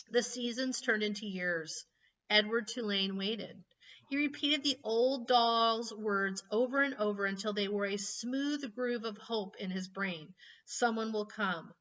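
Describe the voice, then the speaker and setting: A woman reads a children's storybook aloud with a bright, fairly high voice and plenty of feeling. She sits a little back from the mic, and the recording sounds dull and lo-fi. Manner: expressive, emotional storytelling. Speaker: reader. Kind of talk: reading a children's book aloud. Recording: slightly distant, dull lo-fi mic.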